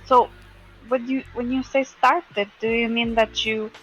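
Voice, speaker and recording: A woman's voice: fairly high pitch, level tone, measured pace, muffled recording, over music. A woman playing in a tabletop game, asking earnest, probing questions. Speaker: player. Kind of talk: in-character tabletop role-play.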